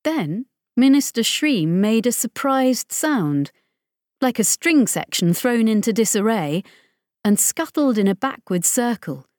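A woman reading a science fiction audiobook in measured scripted narration on a close microphone. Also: on the high side, no room sound. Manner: measured, even storytelling.

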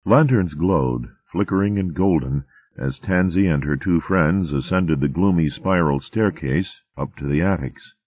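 A man with a very low voice reads a storybook aloud in a steady, even manner. the recording is dry and close, and it sounds slightly muffled. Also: a little slow, few pauses, no room sound. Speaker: narrator. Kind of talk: audiobook narration.

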